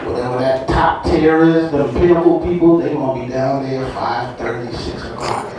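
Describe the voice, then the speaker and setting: Crude stand-up comic in an echoey hall. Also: male voice, medium pitch, moderate pace, a crowd in the background. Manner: loose, crude, self-mocking banter. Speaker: stand-up comedian. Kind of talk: stand-up comedy set. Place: theater on a cruise ship. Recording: echoey hall heard from far off, noisy.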